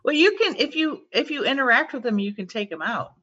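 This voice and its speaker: A woman's voice: on the high side, animated, brisk, pushed and bright, breathy edge. A woman co-hosting a podcast over a video call, chatting casually in a teasing way. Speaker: podcast co-host. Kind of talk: casual chat. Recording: dull lo-fi video call audio.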